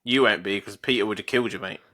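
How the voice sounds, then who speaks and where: A man's voice: on the low side, quick pace, pushed and bright, no room sound, clean studio sound. A young man co-hosting a podcast, swearing, teasing and laughing as he talks. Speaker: podcast co-host. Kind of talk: casual chat.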